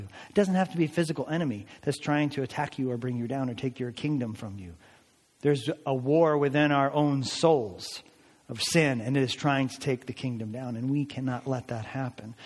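A man's voice: medium pitch, long reverb tail. A man preaching a sermon as a pastor, earnest and emphatic, his voice rising on pleading passages.

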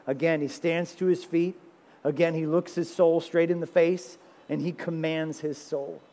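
A man pastor delivers a sermon with dramatic swings between loud pleading and quiet intimacy. His voice sits a little high. A long reverb trails his words through the hall. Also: fairly even intonation, moderate pace.

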